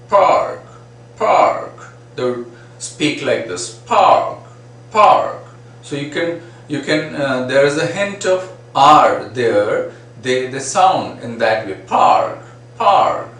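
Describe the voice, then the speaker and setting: A man teaching a phonetics lesson, repeating example words slowly and asking "right?" often. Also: medium pitch, fairly bright tone. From India. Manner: frequent "right?" and "uh, say" fillers. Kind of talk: phonetics lecture. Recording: echoey room, mic at a distance, faint noise.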